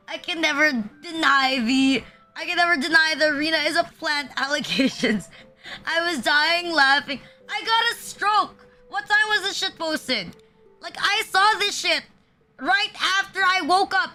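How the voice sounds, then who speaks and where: A woman's voice: very high-pitched, measured pace, bright, forceful tone, soft background music. A young woman streaming from home, chatting casually in a crude, rambling way full of fillers, often laughing. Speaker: VTuber streamer. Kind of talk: casual live-stream chat.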